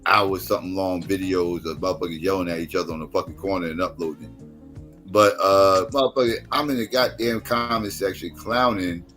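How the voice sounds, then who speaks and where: A tired man with a very low voice hosts a casual late-night stream, swearing freely as he tells stories. He jumps up high when he acts out quoted voices. Faint music plays behind him. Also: fairly quick. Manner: profane storytelling with lively quoted voices. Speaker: live stream host.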